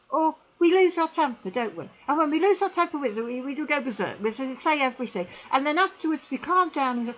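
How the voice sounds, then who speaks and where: Woman, religious commentary, high voice, very animated, emphatic, lots of tag questions. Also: quick pace, hardly any pauses, poor audio. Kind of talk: religious commentary monologue to camera.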